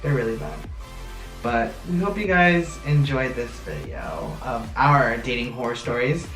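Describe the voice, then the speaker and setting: A young man in a casual storytime vlog, animated and acting out quotes. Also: mid-range voice, unhurried, soft background music. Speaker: vlog co-host. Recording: roomy sound from a distance.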